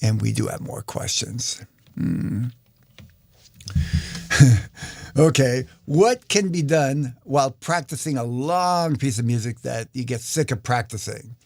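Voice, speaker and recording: Relaxed man teaching a live lesson. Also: medium pitch, slow pace, creaky, long pauses. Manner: relaxed, explanatory, many fillers. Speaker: guitar teacher.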